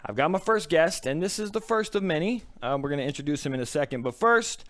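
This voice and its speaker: A man's voice: a little high, animated, quick pace, a bit bright. A man hosting a live video podcast, out of breath and frazzled, chatting casually and swearing now and then. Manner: frazzled, swearing, talks to chat. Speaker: podcast host. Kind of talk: casual live-stream chat.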